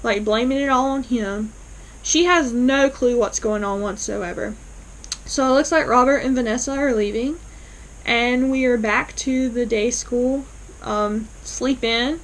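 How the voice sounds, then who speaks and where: A woman's voice: on the high side, unhurried, poor audio. Chatty woman recapping an episode. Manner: chatty, with fillers and quoted lines. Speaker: fan reviewer.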